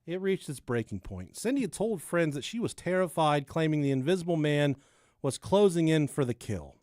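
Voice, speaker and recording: A man's voice: a little high, animated, normal speed, darkish tone, no echo, clean studio sound. A man co-hosting a podcast, telling a true-crime story and chatting casually, swearing and laughing at his own jokes. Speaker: podcast co-host.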